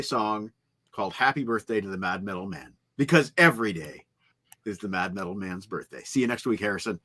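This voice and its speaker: A man's voice: fairly low pitch, fairly quick, pushed and bright. A man hosting a rock music podcast in upbeat, chatty talk. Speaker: podcast host. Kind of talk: casual chat.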